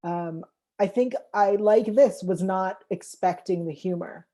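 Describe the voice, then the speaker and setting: Mellow-voiced opinionated woman. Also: mid-range voice, measured pace. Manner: opinionated, apologetic asides. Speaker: panelist. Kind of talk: casual video-call discussion.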